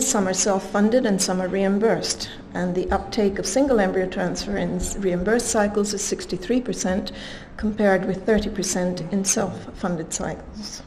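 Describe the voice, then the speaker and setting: Woman lecturing at a medical conference, mid pitch, steady, bit of faint hiss behind. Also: low-quality recording. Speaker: conference speaker. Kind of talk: scientific conference talk.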